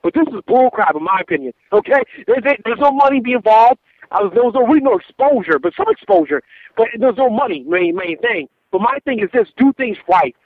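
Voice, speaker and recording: High-voiced man ranting over a tinny phone. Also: fairly quick, no echo. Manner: animated storytelling, repetitive, restarts. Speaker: caller. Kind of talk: casual phone call. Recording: tinny phone line, dry.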